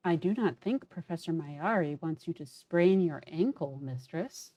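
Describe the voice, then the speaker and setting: A woman voicing a formal, deadpan robot servant that speaks in a stiff, cautious, dutiful way. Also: low voice, a little slow, no echo.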